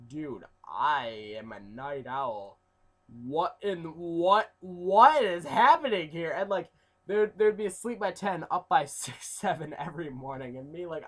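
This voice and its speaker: A young man telling a rambling story in a casual vlog, full of fillers, swinging between loud outbursts and mumbled asides. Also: a little high. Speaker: YouTuber.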